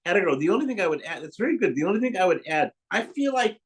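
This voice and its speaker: Guy coaching a piano student, kinda high voice, piano going loud behind him. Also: big pitch swings, very fast, low-quality recording. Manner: encouraging, sings phrases to demonstrate. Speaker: piano teacher. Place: room with a piano being played.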